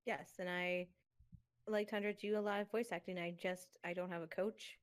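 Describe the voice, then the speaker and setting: A woman's voice: lowish voice, steady tone, moderate pace, clear, resonant tone. A young woman co-hosting a casual chat who laughs and giggles often. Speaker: podcast co-host.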